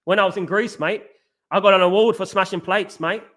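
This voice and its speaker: A man's voice: high voice, fairly even intonation, a little fast, fairly bright tone. A man putting on a mock Australian accent, playing a laid-back male football manager who ends every sentence with "mate". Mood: boastful drawl. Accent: put-on Australian.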